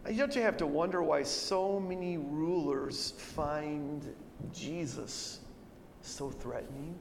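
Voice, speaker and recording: A high-pitched man teaches an expository sermon in a church hall, pressing his points with emphatic, conversational rhetorical questions. His voice rings out with a long reverb, over a faint hum of room ambience. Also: takes it slowly, vocal fry. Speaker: pastor.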